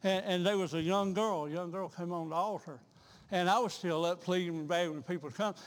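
A revival sermon comes from a high-voiced preacher in a church sanctuary, where long, ringing reverb trails every line. He speaks briskly in a steady tone, repeating words rhythmically as he rises to loud, fervent climaxes from the pulpit.

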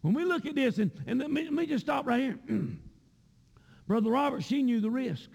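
A man preaching a sermon in a church sanctuary, with a repetitive cadence that rises into shouts. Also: extremely high pitch, animated, normal speed, vocal fry, husky, long reverb tail.

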